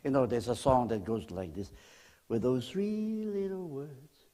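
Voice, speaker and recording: Animated preaching man, lively pitch. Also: a little slow. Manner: animated preaching, swinging between loud emphasis and near-whispered lines; speaks directly to the congregation with questions. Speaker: guest pastor. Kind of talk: sermon. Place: church.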